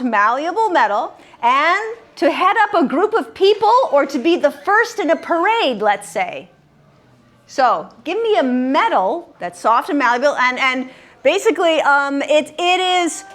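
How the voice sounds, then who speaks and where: High, unhurried woman hosting a word game. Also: fairly bright tone. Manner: patient, coaxing, gives clues and repeats answers. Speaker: quiz host. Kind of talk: leading a live word game. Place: common room of a senior-living community.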